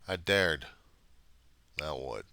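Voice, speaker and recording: A man's voice: extremely low pitch, lively intonation, extremely slow, bright, forceful tone, no echo. A man venting in a personal diary monologue, angry, rambling and profane. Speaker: diarist.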